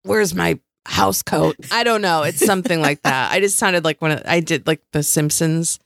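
Brief: woman podcast co-host, easygoing and agreeable, slightly low. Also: normal speed, a bit bright, dry recording, studio quality. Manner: agreeable, laughs often, playful. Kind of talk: casual chat.

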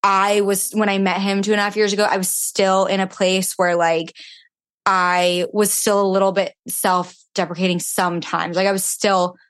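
A woman's voice: mid-range voice, level tone, moderate pace, a bit bright, no room sound. A young woman, a podcast guest and fitness influencer, talking in casual chat and filling her sentences with "like". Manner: chatty, heavy use of filler "like".

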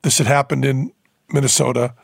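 A man hosting a podcast, telling a rambling story with fillers and quick laughs. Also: medium pitch, little pitch movement, gravelly, no room sound. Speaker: podcast host. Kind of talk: casual storytelling. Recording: dry close studio mic.

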